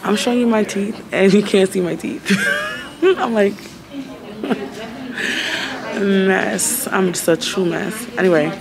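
A woman's voice: mid-range voice, takes it slowly, pauses often, a crowd in the background, poor audio. A woman vlogging from a doctor's office into a phone held close, rambling and giggly, sometimes half-whispering. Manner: rambling, giggly, self-mocking; talking half-whispered at times. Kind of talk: casual vlog chat.

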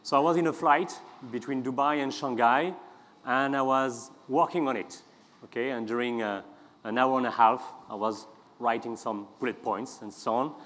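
A man with a French accent giving a conference talk, halting often with fillers and restarts. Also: mid-range voice, a bit bright. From France. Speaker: speaker. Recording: long hall reverb.

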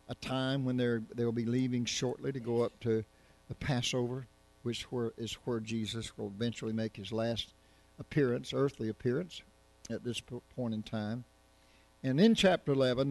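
Folksy pastor, rambling sermon. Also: male voice, mid-range voice. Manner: folksy, joking, rambling with many restarts. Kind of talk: casual sermon to a congregation. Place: church sanctuary.

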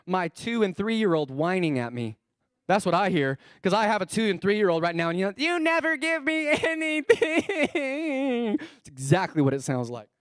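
A man in his thirties preaching a sermon as a pastor, animated, asking the congregation questions and acting out characters' lines. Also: high voice, a little fast, no room sound, clean studio sound. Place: church.

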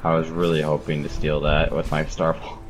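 A young man chatting while gaming, talking in a halting, drawn-out way full of likes and restarts. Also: extremely low pitch, completely flat delivery. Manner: halting, drawn-out talk with fillers. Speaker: gamer co-host. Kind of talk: casual gaming commentary. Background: game music.

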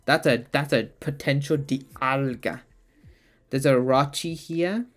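Slow-talking giggly man streaming a game. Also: medium pitch, faint music behind. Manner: rambling, giggly, chatting to viewers. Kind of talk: casual live-stream chat while playing.

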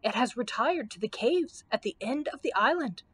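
A woman's voice: animated, moderate pace, a bit bright, a little hiss or hum. A woman voicing a timid male courtier who quavers and shrieks in alarm. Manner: shrill and alarmed.

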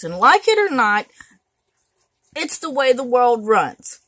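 A woman speaks straight to camera in an indignant rant, hammering her points home by repeating words. Her voice sits high and swings widely in pitch. She takes her time, and the recording is dry and close. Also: very animated, takes it slowly, fairly bright tone, no echo. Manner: indignant, emphatic, repeats for stress. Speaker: vlogger.

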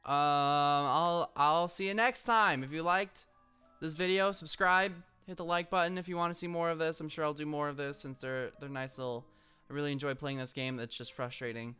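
A young man at home hosts a gaming channel with a slightly high, steady voice that is sharp yet clean, speaking at a normal speed over faint music. His casual story wanders along with lots of ums, broken by bursts of frustration at the game.

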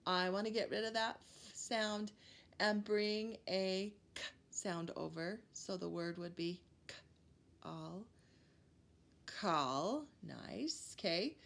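A woman preschool teacher giving a phonics lesson to young children, sounding out letters slowly and praising them warmly. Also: mid-range voice, gravelly. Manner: slow, encouraging, sounding out letters for small kids.

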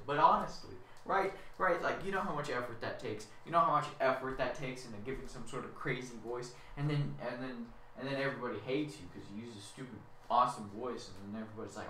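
A man's voice: mid-range voice, a little fast, hardly any pauses, sharp tone, slight background noise. A young man rambling in a whiny, self-mocking rant, repeating himself as he complains. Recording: echoey room, far from mic.

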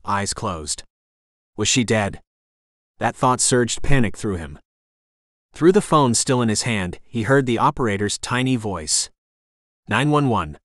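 A man's voice: lowish voice, a bit bright, dry recording, clean studio sound. Dramatic male audiobook narrator. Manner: tense, dramatic storytelling. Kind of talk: scripted narration.

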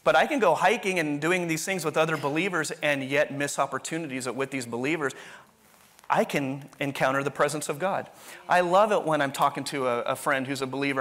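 A man's voice: on the high side, fairly bright tone. A man preaching a sermon in a conversational, rambling way, often restarting his sentences. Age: adult, continuing university studies. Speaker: pastor.

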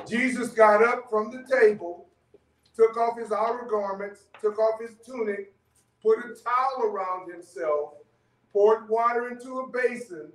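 A man leads a church Bible study in a loose, conversational way, stopping often to ask "okay?" His voice sits high. He is heard from a distance, and the room echoes around him. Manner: conversational teaching, frequent "okay?" checks. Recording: echoey room, mic far off.

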